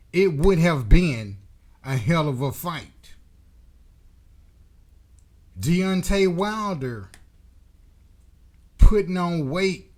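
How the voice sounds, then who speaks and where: A man hosting a boxing commentary channel, delivering a blunt, profane, emphatic opinion rant. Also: fairly high pitch.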